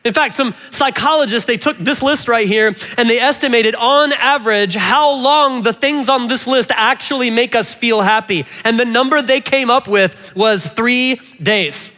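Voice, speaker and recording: A man preaching a sermon to a church congregation, animated and playful, often addressing the audience directly. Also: very high-pitched, normal speed, few pauses. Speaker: pastor. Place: large church hall. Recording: reverberant church hall.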